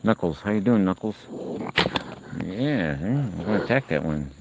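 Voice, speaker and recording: A man's voice: deep voice, expressive, normal speed. A man hosting a casual live stream outdoors, chatting and coaxing and scolding animals around him. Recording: outdoor noise with crickets.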